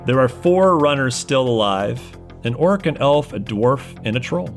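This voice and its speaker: A man's voice: mid-range voice, expressive, unhurried, faint music behind. A man as game master narrating a tabletop game in a casual, profane, rambling way.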